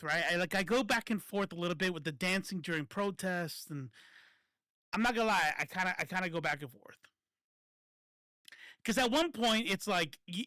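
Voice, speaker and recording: Bright high-voiced man ranting casually. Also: dry recording. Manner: rambling, profane, stops and restarts often. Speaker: political commentary streamer. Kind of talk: casual political commentary.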